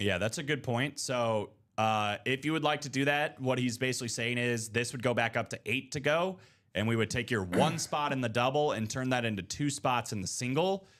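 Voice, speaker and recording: A man's voice: medium pitch, a little fast, fairly bright tone. A man hosting a live card break stream, chatting casually and joking in rambling banter.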